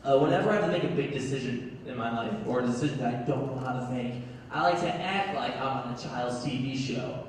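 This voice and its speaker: A man's voice: medium pitch, quick pace. A young man doing a stand-up comedy set, telling stories and acting out the voices of people in them, laughing at his own jokes. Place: large hall, recorded from far off. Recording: echoey hall, distant mic, faint noise.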